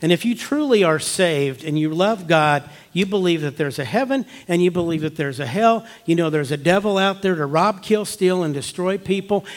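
A male pastor delivers a storytelling sermon in church. His voice sits somewhat high for a man. He drops to near-whispers for tense moments and lifts into loud, urgent appeals. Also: expressive, moderate pace, hardly any pauses. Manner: storytelling, swings from hushed to emphatic.

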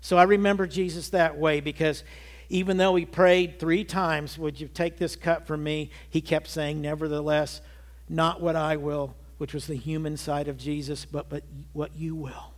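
A man's voice: on the high side, little pitch movement, moderate pace. A man in his early sixties preaching a sermon, giving an earnest personal testimony that builds to emphatic peaks. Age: 60s. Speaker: pastor.

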